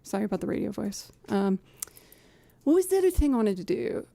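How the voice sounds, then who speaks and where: A woman's voice: mid-range voice, big pitch swings, fairly quick, vocal fry, mellow, no room sound. A woman streaming live, chatting casually and thinking aloud while she sets up music loops, humming and scatting rhythms as she goes.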